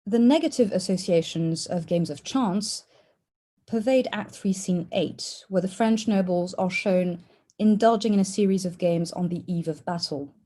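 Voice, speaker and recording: A woman with a mellow, fairly low voice reads her academic paper at an online conference. Her delivery is measured and formal, with an occasional "uh" as she moves through her points. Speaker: conference speaker. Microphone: online conference call.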